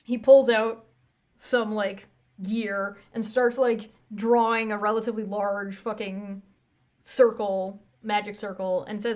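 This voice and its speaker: A woman's voice: mid-range voice, level tone, slow, darkish tone. A woman narrating a tabletop game as game master, loose and chatty with plenty of ums and laughs.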